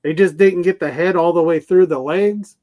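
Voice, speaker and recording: A man with a slightly high-pitched voice talks in a relaxed, friendly way on a live stream. He reminisces fondly and often chuckles between thoughts. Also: normal speed. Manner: easygoing, nostalgic, chuckles often. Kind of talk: casual chat.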